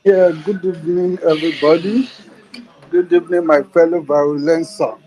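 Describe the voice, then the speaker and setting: Casting: man from Nigeria, slightly high voice, indignant rhetorical political speaker. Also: fairly even intonation, normal speed, warm tone, poor audio. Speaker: caller in an online audio room. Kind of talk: political speech.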